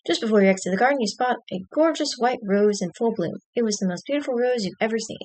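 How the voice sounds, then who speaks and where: Woman streamer reading a choose-your-path story, dry little asides, kinda high voice. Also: animated, fast, few pauses, a little mellow.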